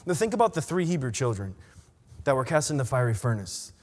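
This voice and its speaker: A young adult man preaching a sermon in an animated, emphatic way. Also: mid-range voice, a little fast. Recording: long reverb of a large hall.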